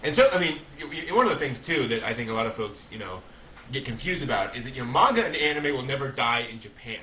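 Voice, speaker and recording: A man's voice: medium pitch, lively intonation, fast talker. A man hosting a casual podcast panel chat, easygoing and filling with lots of agreement. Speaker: podcast host. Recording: roomy, dull podcast audio with faint hiss.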